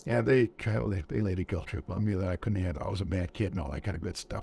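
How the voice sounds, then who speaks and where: A man's voice: on the low side, fast talker, vocal fry, hardly any pauses, dark tone, slight background noise. A man in his seventies, a veteran interviewee, recounting war memories in a plainspoken storytelling manner and acting out old dialogue. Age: 70s.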